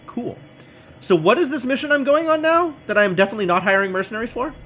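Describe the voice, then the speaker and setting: A man streaming a game, reading its text aloud and thinking out loud in a wry, self-mocking way. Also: very high-pitched, animated, fast talker, a little hiss or hum.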